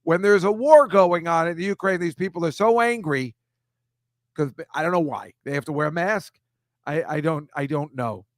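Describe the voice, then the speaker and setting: A man hosting a comedy show, talking casually and exasperated over a series of pictures, ranting with quick asides. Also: on the high side, expressive, no room sound, studio quality.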